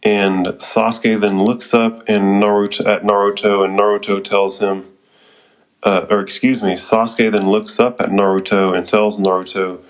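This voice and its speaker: A man with a lowish voice gives a casual recap of an anime episode, full of fillers and excited asides. He swears freely and keeps the tone loose and chatty. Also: moderate pace, low-quality recording.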